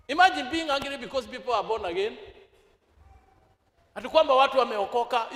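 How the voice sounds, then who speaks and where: In a church hall full of reverberation, this Kenyan preacher speaks with an extremely high, slightly bright voice at a fairly quick clip. Mid-sentence he drifts into Swahili while posing rhetorical questions to his listeners.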